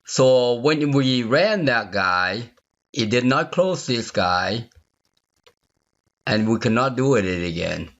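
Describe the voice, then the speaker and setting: A software instructor narrates his own unscripted screen-recorded coding tutorial, musing aloud at an unhurried, slow pace, repeating phrases and checking "you see there?" with the viewer. His mid-range voice is expressive and a bit bright, captured on a computer mic that sounds slightly dull and lo-fi.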